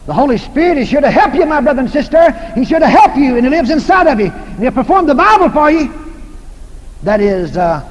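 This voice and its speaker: High-voiced, folksy preacher man. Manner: folksy, humorous, repetitive. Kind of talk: sermon. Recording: echoey hall, faint noise.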